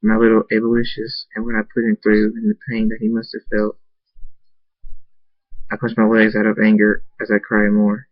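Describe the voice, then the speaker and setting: A man earnestly narrating a first-person fan story, halting and restarting at times. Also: lowish voice, completely flat delivery, dry recording, dull audio. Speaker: amateur story reader.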